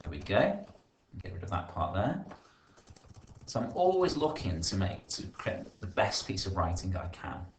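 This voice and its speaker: Low-voiced teacher muttering thru his edits while typing, echoey room, faint hiss. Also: very animated, moderate pace. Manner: thinks aloud while typing, rephrasing and correcting himself. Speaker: primary school teacher. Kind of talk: screen-recorded writing lesson, thinking aloud.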